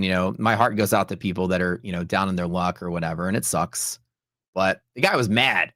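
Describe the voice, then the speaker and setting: Chatty man with a low, dry voice. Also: brisk, pushed and bright, no echo. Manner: rambling and chatty, with lots of "like" and "dude". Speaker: livestream host and futures trader. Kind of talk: casual storytelling during a live trading stream.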